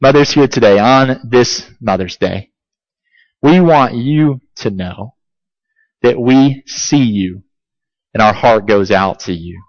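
A pastor preaches a sermon, emphatic and deliberate, putting repeated rhetorical questions to his congregation. His voice is medium-pitched, with no room sound and the highs cut off.

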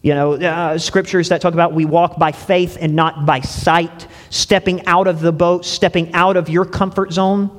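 A man preaching in a church, with a slightly high voice that rings out with a long reverb. He talks through his sermon loosely, tossing in asides to the congregation and stumbling over repeated words as he restarts his thoughts. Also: level tone, normal speed, hardly any pauses. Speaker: pastor.

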